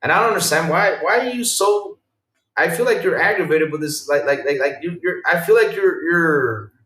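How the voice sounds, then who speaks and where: Male podcast host, lively pitch, roomy echo; casual, laughs a lot, repeats phrases. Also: normal speed. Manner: animated, laughs often, repeats himself. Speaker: podcast host reading live chat. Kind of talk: casual livestream chat.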